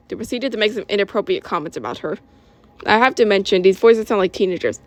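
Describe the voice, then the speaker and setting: A woman's voice: medium pitch, lively intonation, fast, no echo. Casual female author reading her story. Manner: informal, with self-corrections and giggles.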